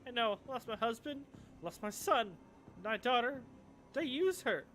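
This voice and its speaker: A man's voice: extremely high pitch, animated, a little slow, a bit bright, slight background noise, pitched above the performer's own voice, heavily acted. A man doing a grieving worn-out woman. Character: worn, grieving middle-aged human woman.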